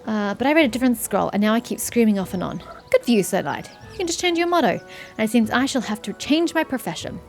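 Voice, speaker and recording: A woman's voice: a little high, lively intonation, fast talker, soft background music. Woman doing a pompous fussy gnome. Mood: indignant. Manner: pompous, theatrical. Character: fussy male gnome scholar, pompous and cursed.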